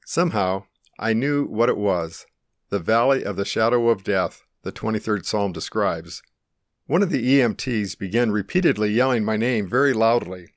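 A middle-aged man calmly and earnestly narrating his own life-or-death experience in the first person. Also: lowish voice, normal speed, no room sound, clean studio sound. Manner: calm, earnest, reflective.

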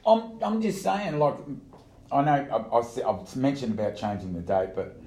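An Australian man in loose, lively banter whose pitch jumps around a lot. His tone is dark and mellow. He is recorded in an echoey room. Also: moderate pace. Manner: animated, teasing, mock-indignant. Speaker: co-host. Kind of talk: casual chat show banter. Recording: roomy echo.

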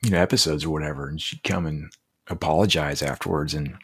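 A man in his forties, a guest telling earnest, halting stories about parenting, with frequent restarts. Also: very deep voice, fairly even intonation, a bit bright, breathy edge, no echo, studio quality. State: emotional. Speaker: podcast guest. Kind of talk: reflective storytelling.

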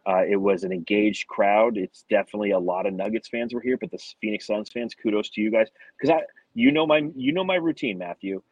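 A man's voice: lowish voice, fairly quick, a little mellow, dry recording, highs cut off. A talkative man co-hosting a casual sports podcast from an arena, swearing freely. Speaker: podcast co-host.

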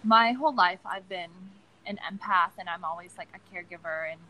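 A woman's voice: on the low side, a little fast, sharp tone, rough recording. A young woman speaking as a podcast guest, earnest and reflective in casual chat.

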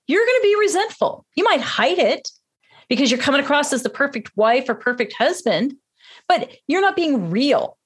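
Earnest woman with a fairly high voice. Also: fairly bright tone, breathy edge. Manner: earnest, acts out her own quoted words. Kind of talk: casual conversation.

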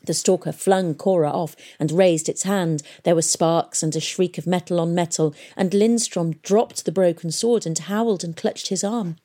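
A woman narrating an adventure audiobook in a measured, expressive storytelling manner. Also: fairly low pitch.

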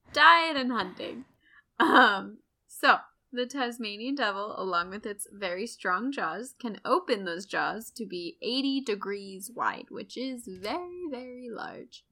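A woman's voice: on the high side, lively intonation, slow pace, pushed and bright. An American woman co-hosting a casual educational podcast, reading from notes and laughing often. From United States. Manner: giggly, reads notes with frequent laughs. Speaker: co-host.

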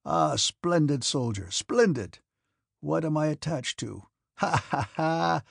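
A man reading the part of a cranky, abrupt old prince with sharp, mocking outbursts. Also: fairly high pitch, lively intonation, slow pace, creaky, slightly rough, no room sound, studio quality, exaggerated voice. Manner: barking, mocking, piercing outbursts.

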